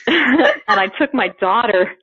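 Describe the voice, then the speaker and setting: A woman telling a funny personal story in casual chat, animated and laughing often, acting out the quotes. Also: a little high, takes it slowly, breathy edge, no room sound. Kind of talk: casual anecdote. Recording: phone-like narrow sound.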